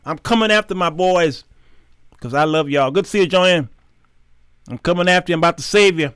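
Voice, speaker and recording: High-voiced colloquial preaching man. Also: brisk, a bit bright, clean tone, no room sound. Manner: emphatic, colloquial, repeats words. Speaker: talk show host teaching the Bible. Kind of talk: Bible teaching sermon.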